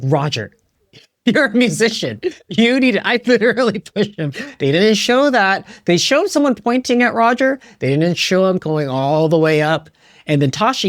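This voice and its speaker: A man hosting a casual group conversation, telling stories with quick, animated asides. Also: fairly high pitch, no echo, clean studio sound. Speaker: host.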